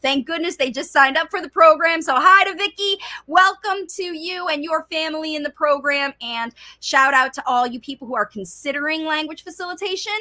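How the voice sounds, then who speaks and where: A woman's voice: high voice, fairly quick, few pauses. A woman speech coach answering viewer questions in a live Q and A, talking directly to parents. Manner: animated, acts out child's voice. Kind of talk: live Q and A chat.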